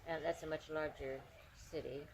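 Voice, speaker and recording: A woman guest in a casual interview, speaking gently with frequent fillers and pauses. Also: deep voice, steady tone, a little hiss or hum, low-quality recording.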